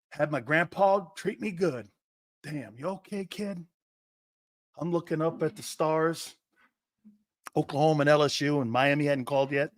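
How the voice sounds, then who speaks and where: A man's voice: on the high side, no room sound, clean studio sound. A middle-aged man hosting a sports talk show, brash and profane, telling stories and putting on voices. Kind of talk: animated sports talk monologue.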